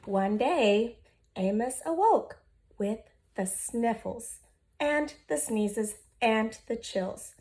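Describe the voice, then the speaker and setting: A woman in her thirties, a teacher, reading a children's picture book aloud in an expressive, gentle voice and talking directly to her young listeners. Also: on the high side, slow. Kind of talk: storybook read-aloud for children.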